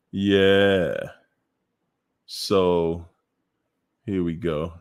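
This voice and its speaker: A man's voice: sits low, clear, resonant tone. A man hosting a casual call-in livestream, chatty and exclaiming as he sets up clips. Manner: slow, chatty, exclaims and laughs often. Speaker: host.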